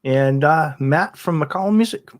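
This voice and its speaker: A man's voice: on the high side, lively intonation, measured pace. A man hosting a casual livestream chat, easygoing as he reads out viewers' names. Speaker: host.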